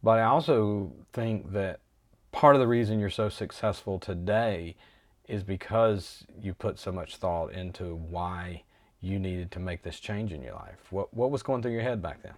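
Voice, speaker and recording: A male interviewer asking thoughtful, measured questions. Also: deep voice, expressive, no echo.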